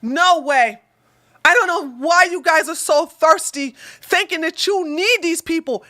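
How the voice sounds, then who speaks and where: Loud, combative high-pitched woman ranting. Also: lively intonation, measured pace, no room sound, studio quality. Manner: combative, profane, swings between loud bursts and mutters. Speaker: political livestream host. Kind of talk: ranting political livestream commentary.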